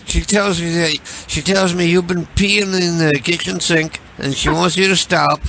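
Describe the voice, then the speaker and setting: A man's voice: sits high, fairly even intonation, moderate pace, bright, forceful tone, slight background noise, voice pushed up, rough recording. A man putting on a pushy, chummy caller. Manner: overly friendly, lecturing. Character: chummy fake male caller, pushy and nosy.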